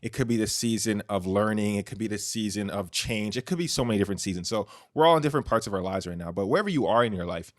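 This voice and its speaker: A man's voice: on the low side, fast, few pauses, no room sound, studio quality. Chatty man hosting a podcast. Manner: chatty, heavy use of "like" and "you know", restarts. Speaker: podcast host. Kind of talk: casual solo podcast monologue. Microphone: close studio microphone.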